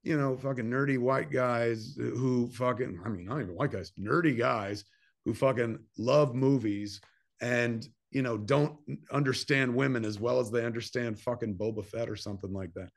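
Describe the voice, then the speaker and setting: A filmmaker in his fifties from New Jersey, USA, tells a long personal story as a guest in a casual interview. He speaks at normal speed in a medium-pitched voice, swears freely, and acts out quoted dialogue in animated bursts.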